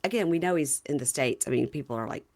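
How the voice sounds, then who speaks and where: A chatty woman hosts a podcast, recapping a reality show in a loose, conversational way. Her voice sits a little on the low side, and she retells scenes with lively energy. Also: fast talker. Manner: chatty, animated retelling with quoted lines. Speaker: podcast host. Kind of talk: casual recap chat.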